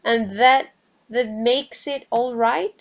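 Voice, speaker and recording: A woman voicing an anxious, indignant woman, reading her lines slowly from a play script. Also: a little high, fairly even intonation, gravelly, poor audio.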